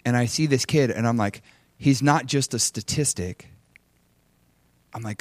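A middle-aged male pastor delivering a sermon. He moves from loud, impassioned exhortation to soft, intimate storytelling. His voice sits at an ordinary pitch, recorded dry with no room echo. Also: measured pace, pauses often.

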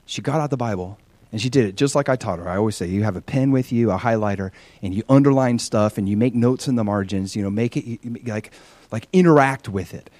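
Animated man preaching a sermon. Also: on the low side, quick pace, no echo. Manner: animated storytelling, acting out quoted people. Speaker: pastor. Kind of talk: sermon with personal stories.

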